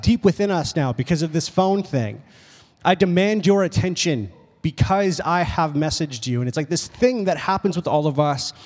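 A young man preaching a casual, animated sermon, telling stories with lots of "like"s. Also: a little high. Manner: casual, animated storytelling with many "like"s. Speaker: pastor. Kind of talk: youth sermon. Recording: long reverb of a hall.

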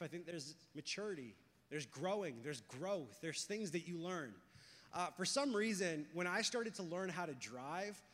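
A young man preaching a sermon, talking casually and telling stories, going from hushed to loud and excited. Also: a little high. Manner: conversational, storytelling, swings from hushed to loud and excited. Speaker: pastor. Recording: long hall reverb.

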